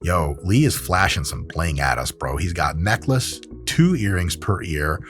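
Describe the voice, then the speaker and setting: A man's voice: sits low, measured pace, music in the background. A man hosting a fitness commentary, joking and swearing casually as he explains training and does a comic ad read. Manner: animated, profane, joking. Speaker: host, exercise scientist.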